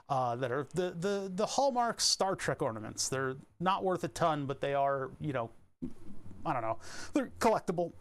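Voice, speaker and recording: Guy streaming from his room, kinda high voice, rambly, keeps restarting sentences. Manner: rambling, self-interrupting, chuckling. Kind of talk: casual stream chat.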